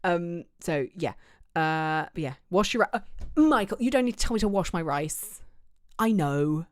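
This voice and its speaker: A woman's voice: low-pitched, expressive, takes it slowly, dry recording, studio quality. An English woman streamer chatting casually, rambling with lots of fillers and restarts. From England. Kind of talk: casual livestream chat.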